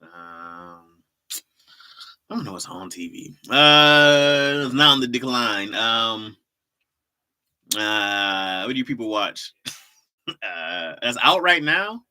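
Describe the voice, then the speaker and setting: Young male streamer, chatty and playful, bright and expressive, quick to laugh. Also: medium pitch, smooth. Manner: animated, laughs often, banters with chat. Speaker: livestream host. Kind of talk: casual livestream chat.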